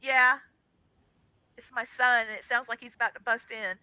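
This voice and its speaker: A middle-aged woman tells a personal story as a radio guest, animated and dramatic, slipping into the voices of the people in it. Her voice is very bright and cutting, and the close mic is completely dry. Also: on the high side, quick pace, no room sound, rough recording. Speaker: guest on a paranormal radio show. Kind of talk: casual storytelling.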